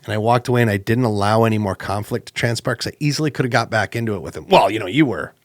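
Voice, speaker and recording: A man co-hosting a podcast, telling a personal story in a casual, animated way with lots of fillers. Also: rapid-fire, no room sound, studio quality. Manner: animated, acts out quoted exchanges with jumps in pitch; conversational, with many fillers and restarts. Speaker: podcast co-host.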